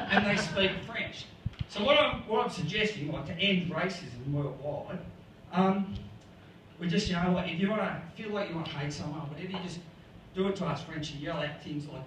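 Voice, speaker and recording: A man's voice: sits high, moderate pace, a bit bright. Laughing Australian man doing stand-up. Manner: rambling, laughs at own jokes. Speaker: stand-up comedian. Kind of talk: stand-up set. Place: comedy club stage. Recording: echoey room, far mic, noisy.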